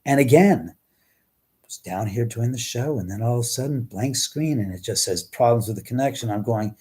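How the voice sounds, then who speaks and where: A middle-aged man hosting a live stream, chatting casually with viewers and reading their comments, animated, with frequent swearing and trailing restarts. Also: medium pitch, normal speed, breathy edge. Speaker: livestream host.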